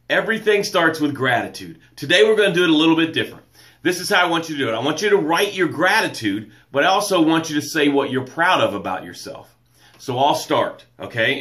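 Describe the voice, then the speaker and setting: A man hosting a live motivational show, energetic, greeting viewers by name and reading their comments aloud. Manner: drops soft and low to read quotes and breathing cues. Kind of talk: live-stream motivational talk.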